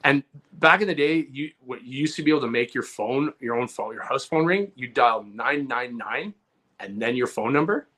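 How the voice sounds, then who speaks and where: A man co-hosting a comedy podcast, telling a story in a casual, animated way and acting out loud outbursts. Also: medium pitch, normal speed. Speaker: podcast co-host.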